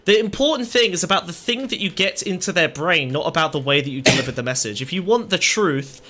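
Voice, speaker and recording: A man with a fairly high, bright voice argues his case in a relaxed podcast conversation. He talks in an animated, insistent way and keeps circling back to press his point. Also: quick pace, slight background noise. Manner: animated, argumentative. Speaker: podcast guest. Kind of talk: casual chat.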